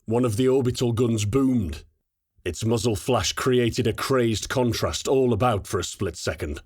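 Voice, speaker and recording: Brief: low, measured male audiobook narrator, dry close mic. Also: darkish tone, dry recording.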